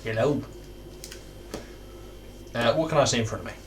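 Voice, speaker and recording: A man's voice: mid-range voice, moderate pace, background noise. A man playing a tabletop game, asking plain, direct questions. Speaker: player. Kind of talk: tabletop game play, casual.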